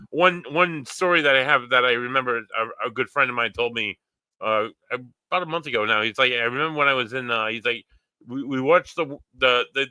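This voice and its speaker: A man's voice: medium pitch, pushed and bright, clear, resonant tone, no room sound. A man co-hosting a casual live-streamed chat, telling rambling stories full of quoted voices. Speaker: podcast co-host.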